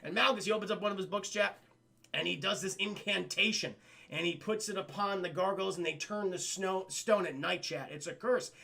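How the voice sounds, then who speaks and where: A man casually recapping a cartoon episode for a live chat, animated and full of swearing. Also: sits high, a little fast, gravelly. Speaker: cartoon reviewer streaming to chat.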